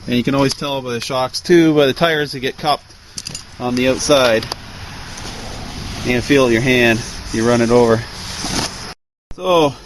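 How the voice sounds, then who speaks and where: A man casually showing how to check a truck's front end outdoors, rambling with lots of ums and uhs as he works. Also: mid-range voice. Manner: relaxed, rambling, full of ums and uhs while working. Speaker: DIY mechanic showing truck repairs. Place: outdoors beside a truck, away from the house. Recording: noisy outdoor recording.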